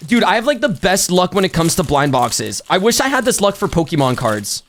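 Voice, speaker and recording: A young man live-streaming a haul and unboxing, chatting excitedly with his viewers. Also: high voice, a little fast, a little hiss or hum. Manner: excitable, talks to chat.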